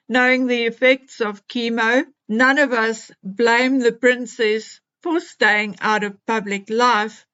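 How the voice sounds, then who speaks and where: A woman vlogger talks to her subscribers at an unhurried, deliberate pace, giving her opinions earnestly. Her voice sits fairly high and comes through smooth and clear, though the recording itself sounds a bit dull and lo-fi. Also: fairly bright tone. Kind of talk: casual chat to subscribers.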